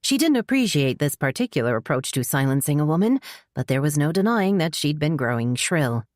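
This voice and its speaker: A woman with a low voice narrates an audiobook in a steady, measured way. The recording is dry and close, with no room sound. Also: no room sound. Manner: measured storytelling. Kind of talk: scripted narration.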